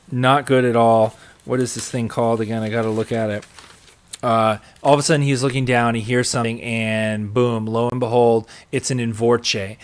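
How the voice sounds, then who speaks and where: A man hosting a podcast, recapping a TV episode in a chatty, excitable way with many fillers. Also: medium pitch. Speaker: podcast host.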